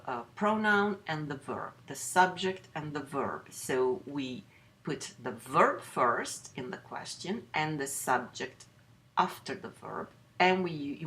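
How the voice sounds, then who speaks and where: A middle-aged woman teaching a recorded French lesson, explaining patiently with many pauses and restarts. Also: low-pitched, a bit bright. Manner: explains slowly with frequent fillers and restarts. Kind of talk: recorded lecture overview.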